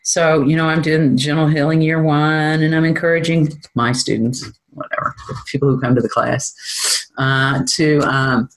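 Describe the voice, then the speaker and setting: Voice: medium pitch, steady tone, moderate pace, rough recording. A spiritual teacher giving an informal talk from a room at home, candid and self-deprecating and often laughing.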